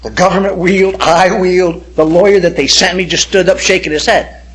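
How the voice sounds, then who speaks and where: A middle-aged man, a pastor, telling his personal testimony in an animated way and acting out the voices of people he quotes. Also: sits high, brisk.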